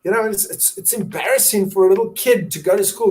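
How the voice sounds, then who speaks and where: A middle-aged man, a survivor and advocate appearing as a guest, tells his story in an earnest, candid, conversational way. His voice is high and darkish, his pace quick, and his speech is full of fillers, restarts, and bursts of laughter.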